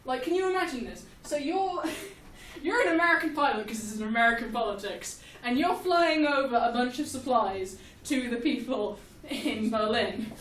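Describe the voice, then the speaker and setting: A young woman giving a casual, jokey history lesson, animated and laughing often. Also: fairly high pitch, moderate pace, hardly any pauses, distant mic. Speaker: history explainer. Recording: echoey room, off-mic, faint hiss.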